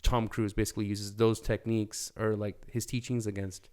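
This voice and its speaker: A man's voice: fairly low pitch, flat delivery, normal speed, darkish tone, clean tone. A man chatting as a podcast guest, rambling with many restarts and fillers. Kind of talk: casual chat.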